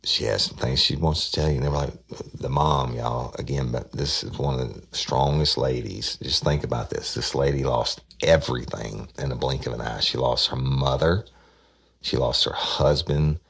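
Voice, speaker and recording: A podcast host recounts a true-crime case in a rambling way, often repeating words and acting out what people said. He has a husky, gravelly bass voice, a bit bright, at normal speed.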